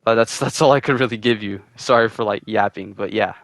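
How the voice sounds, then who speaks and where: Man, mayoral candidate, rambling, hesitant, lowish voice, dry close mic. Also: fairly quick, fairly bright tone, no room sound. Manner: rambling, hesitant, self-deprecating. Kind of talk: casual debate answer.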